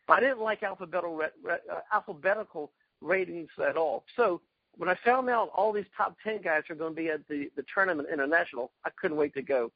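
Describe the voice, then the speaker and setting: A man being interviewed, telling excited stories about past fights and acting out quotes. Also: a little high, quick pace, slightly rough, no echo, highs cut off. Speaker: guest, karate fighter. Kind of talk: animated storytelling interview.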